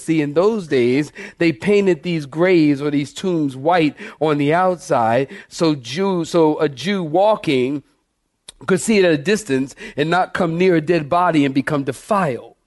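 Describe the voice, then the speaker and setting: A man's voice: a little high, unhurried, darkish tone. A man preaching an emphatic verse-by-verse sermon to his congregation in church. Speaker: pastor.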